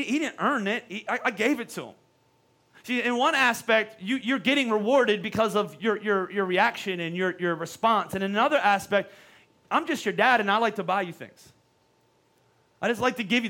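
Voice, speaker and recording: High-voiced pastor preaching casually. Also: male voice, fairly bright tone. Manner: conversational preaching with many repetitions and restarts. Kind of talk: sermon. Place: church.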